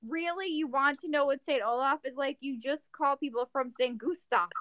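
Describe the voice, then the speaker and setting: A woman co-hosting a podcast in casual chat, joking and rambling through plans in an animated way. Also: high-pitched, moderate pace, no echo. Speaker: podcast co-host.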